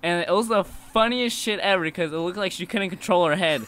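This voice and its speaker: Bright-voiced teenage boy, loose storytelling. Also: sits high, normal speed. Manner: loose, swearing, laughing. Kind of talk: casual storytelling.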